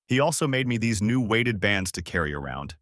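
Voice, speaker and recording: Give me a man playing an upbeat, trusting young male fighter with a lively voice. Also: lowish voice, brisk, dry recording, studio quality.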